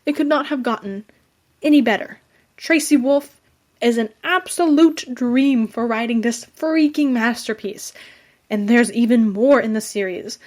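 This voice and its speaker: A young woman hosting a podcast, giving an excited, chatty recap of a fantasy book with lots of fillers and restarts. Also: fairly high pitch, a little slow. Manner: gushing, enthusiastic, fangirling. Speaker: podcast host. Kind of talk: casual book review recap.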